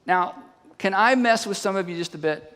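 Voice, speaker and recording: A man preaching a sermon as a pastor, retelling a story with animated delivery and putting questions to his audience. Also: sits high, moderate pace, smooth. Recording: long hall reverb.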